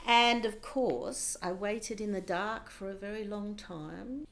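A woman recounting a painful childhood memory in an interview, intense and sometimes dropping to a hushed whisper. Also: mid-range voice, slow pace, hardly any pauses. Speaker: interview guest. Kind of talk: personal storytelling.

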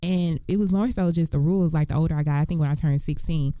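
Female podcast co-host; low, mellow voice, relaxed delivery, dry close sound. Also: quick pace, no room sound. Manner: easygoing, laughs along, short backchannel replies. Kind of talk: casual chat.

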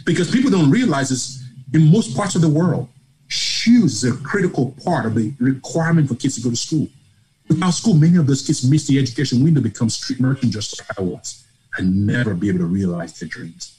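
A middle-aged man from Nigeria, a podcast guest telling a personal story in a lively way, acting out dialogue and laughing. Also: medium pitch, brisk, poor audio.

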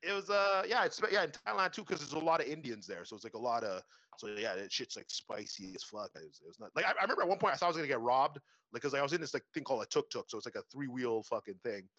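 Young guy rambling fast with lots of swearing, dry muffled lo-fi sound. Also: mid-range voice, expressive, sharp tone, dry recording. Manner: rambling, profane, full of "like" and restarts. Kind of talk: casual chat, storytelling.

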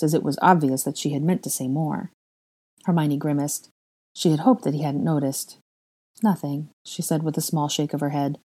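A woman narrating a fan fiction story aloud in an even, measured way. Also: low voice. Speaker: audiobook reader.

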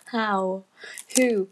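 A woman's voice: medium pitch, slight background noise, poor audio. A woman in casual rambling chat from home, giggly and full of fillers, often dropping to a near-whisper. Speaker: student podcaster.

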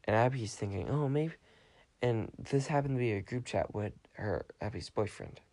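Mellow-voiced man rambling through a story. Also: on the low side, moderate pace. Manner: meandering, full of restarts and acted quotes. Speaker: podcast host. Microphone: phone.

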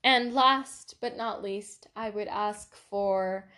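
A woman's voice: medium pitch, slow, sharp tone. A young woman hosting her own podcast, chatting casually and rambling with lots of fillers and giggles. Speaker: podcast host. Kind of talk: casual solo podcast chat.

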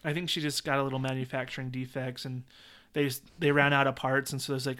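Speaking quickly with few pauses in a mid-range voice, this man co-hosts a podcast. The chat is casual and full of jokes, with him animatedly performing movie lines.

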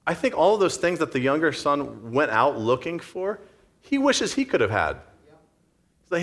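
A man's voice: on the high side, sing-song, moderate pace, a bit bright. A man preaching a sermon in a conversational way, acting out the story's scenes. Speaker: pastor.

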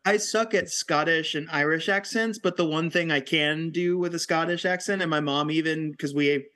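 A man's voice: fairly high pitch, moderate pace, sharp tone. A man hosting a podcast, chatting casually, laughing often and trying to cut in. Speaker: podcast host. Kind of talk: casual chat.

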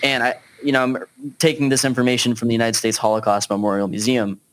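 A man's voice: medium pitch, level tone, fast. A man hosting a casual podcast discussion, talking in a laid-back, chatty way with plenty of fillers. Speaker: podcast host.

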